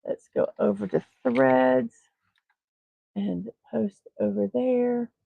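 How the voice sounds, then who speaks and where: A woman's voice: a little high, steady tone, slow, gravelly, slightly rough, no room sound. A woman hosting a daily morning livestream in a casual, chatty way, talking herself through each task and a little scattered. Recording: tinny phone-like sound, dry.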